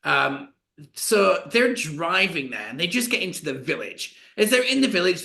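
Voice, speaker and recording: A man co-hosting a podcast, telling a story in a chatty, animated way with lots of fillers. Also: a little high. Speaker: podcast co-host. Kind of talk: casual storytelling chat.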